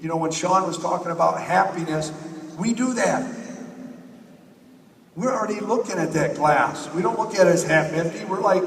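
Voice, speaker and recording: A man with a fairly high voice delivers an energetic motivational speech from a stage, rallying the audience with repeated lines. He sounds distant from the microphone, his words ringing through a large, echoing convention hall with a faint hum of room noise underneath. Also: normal speed, gravelly, pauses often. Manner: energetic, rallying the crowd with repetition. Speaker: motivational speaker at a company convention. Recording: echoey hall, picked up from far off.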